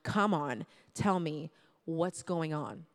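Kind woman vice principal, gentle and coaxing, as quoted by a woman storyteller. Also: deep voice, expressive, takes it slowly, big-room sound.

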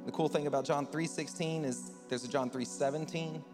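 Male pastor, fairly high voice, dynamic sermon delivery, long hall reverb. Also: a little fast. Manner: animated preaching, voice rising loud then dropping quiet. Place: church sanctuary. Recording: large hall with long reverb, soft music behind.

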